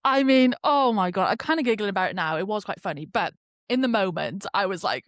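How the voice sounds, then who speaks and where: A woman's voice: medium pitch, a little fast, fairly bright tone, no echo, clean studio sound. A young woman hosting a podcast, telling a story in a casual rant and swearing freely. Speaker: podcast host. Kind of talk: casual ranting monologue.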